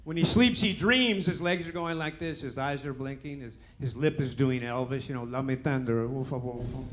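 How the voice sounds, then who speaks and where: Sixty-something guy doing stand-up at a club, punchy jokes, kinda high voice, mic on stage. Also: normal speed, fairly bright tone. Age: 60s. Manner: punchy joke delivery with "you know" tags. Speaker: stand-up comedian. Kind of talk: stand-up comedy set.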